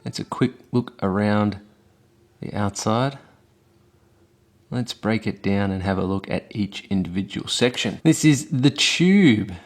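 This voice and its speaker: Aussie bloke with a thick accent doing a gear review, swears every other word, lays the slang on thick. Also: male voice, fairly low pitch, darkish tone. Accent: broad Australian. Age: adult with children. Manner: swears constantly, laying on heavy slang. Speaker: host of a vape hardware review show. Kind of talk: casual product review.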